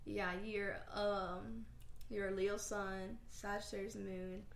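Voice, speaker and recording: A woman's voice: mid-range voice, flat delivery, takes it slowly, gravelly, reverberant, slight background noise. A young woman co-hosting a podcast in casual chat, teasing and giggling as she talks. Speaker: podcast co-host.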